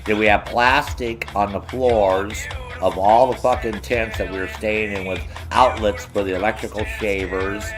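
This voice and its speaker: A man telling profane, loud stories as a streamer, mocking others in high voices. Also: fairly even intonation, normal speed, music in the background. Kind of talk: profane casual storytelling.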